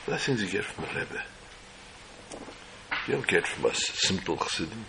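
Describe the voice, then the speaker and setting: A man telling an inspirational religious story slowly, in short measured phrases. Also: sits low, big pitch swings, gravelly, noisy background.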